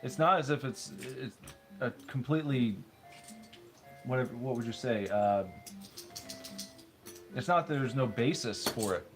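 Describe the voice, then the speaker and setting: A man's voice: mid-range voice, a little slow, pauses often. Stubborn, dry-humored man on a stream. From United States. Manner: stubborn, dry, argues pronunciation. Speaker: livestream co-host. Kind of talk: casual banter on a livestream. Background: faint game music.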